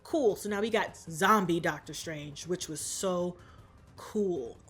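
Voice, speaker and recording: A woman's voice: lowish voice, takes it slowly, husky, faint music behind. A woman vlogger giving a comic movie recap in slangy, profane talk.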